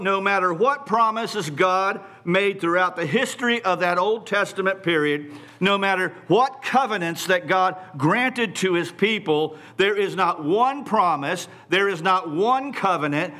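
Slow, bright-voiced male preacher. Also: high-pitched. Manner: deliberate, emphatic, repeating phrases for stress. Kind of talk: sermon.

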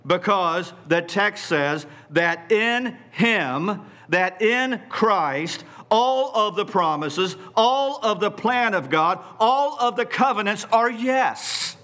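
Male preacher, fairly high voice, unhurried, emphatic sermon delivery. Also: lively intonation, sharp tone. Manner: deliberate, emphatic, repeating phrases for stress.

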